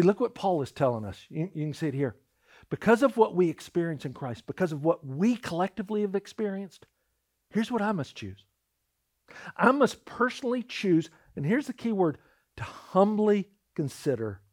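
Animated preaching man with lively pitch. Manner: storytelling, acts out quoted voices, repeats words when starting. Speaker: pastor. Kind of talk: sermon.

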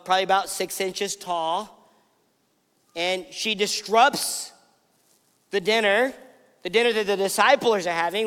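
Man, pastor, sermon, high voice, animated storytelling, long hall reverb. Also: smooth.

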